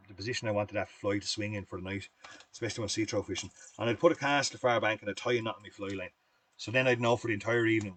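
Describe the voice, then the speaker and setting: Irish man, middle-aged, fly-tying teacher; rattles along quickly in a lowish voice, rambling yarns, close and dry. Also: a bit bright, slightly rough, no echo. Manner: rambling storyteller, chatty and folksy. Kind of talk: live fly-tying demonstration with anecdotes.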